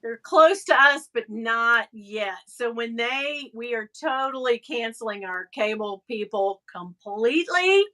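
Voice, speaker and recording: A woman hosting a live stream. She chats casually and tells animated stories, once a radio interviewer. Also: on the high side, measured pace, hardly any pauses. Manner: chatty, animated storyteller with frequent laughs. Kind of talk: casual chat.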